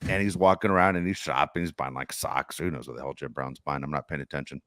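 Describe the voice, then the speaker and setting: A middle-aged man hosting a sports podcast, telling stories in casual, animated chat. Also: a bass voice, fast, no echo, clean studio sound. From Los Angeles area. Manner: storytelling, animated, swears casually. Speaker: podcast host.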